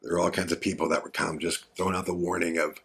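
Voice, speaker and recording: A man's voice: low voice, flat delivery, racing, gravelly, fairly bright tone, slight background noise. A man hosting a podcast, telling a story in a rambling, earnest, conversational way with lots of fillers. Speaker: podcast host. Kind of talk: casual storytelling monologue.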